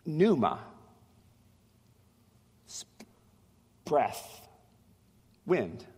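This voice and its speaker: A man's voice: fairly high pitch, big pitch swings, very slow, darkish tone, breathy edge. A man pastor preaching a sermon in a conversational, storytelling way, often restarting his phrases, in a church. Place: church sanctuary. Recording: long hall reverb.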